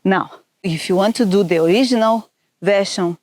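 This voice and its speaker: A woman's voice: medium pitch, normal speed, a little mellow, no room sound. A woman teaching a dance step by step, counting the beats aloud in a patient, instructive way.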